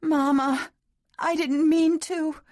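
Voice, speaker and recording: A woman narrator voicing a distraught young woman who wails in a high, childlike voice. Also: fairly even intonation, slow pace, a little mellow. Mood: childlike wailing.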